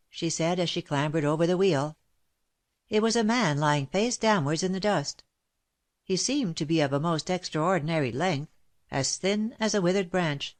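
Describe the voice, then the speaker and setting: A woman narrating a classic novel as an audiobook in a steady, measured reading. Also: deep voice. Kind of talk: scripted narration.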